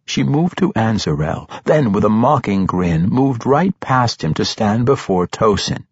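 A man narrating a fantasy audiobook in a steady, measured storytelling voice. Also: fairly low pitch, husky, no echo, lo-fi sound.

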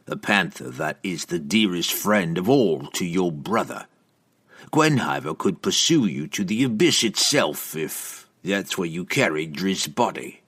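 A man voicing a grim, cunning male assassin in an audiobook, speaking in a low, measured way. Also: sing-song, fairly bright tone, husky, heavily acted.

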